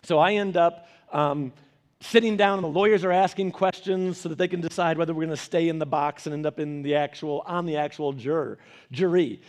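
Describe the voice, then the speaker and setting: A man preaching a sermon as a pastor, telling family stories in an animated way with laughing asides. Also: fairly high pitch, a little fast.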